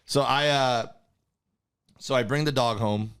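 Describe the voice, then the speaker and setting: A man's voice: medium pitch, measured pace, a bit bright, clear, resonant tone. A man co-hosting a comedy podcast, telling a long story in a rambling way, often restarting and searching for words. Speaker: podcast co-host. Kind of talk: casual storytelling chat.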